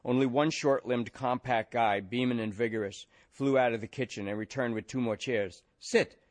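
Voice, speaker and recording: A male author reading from his novel in an even, measured way, then answering questions. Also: mid-range voice.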